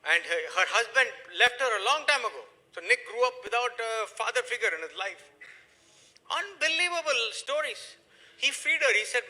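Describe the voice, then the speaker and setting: A middle-aged man giving a motivational business talk, emphatic and preachy, swinging between loud and hushed. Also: very high voice, animated, a little fast, low-quality recording. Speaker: motivational speaker.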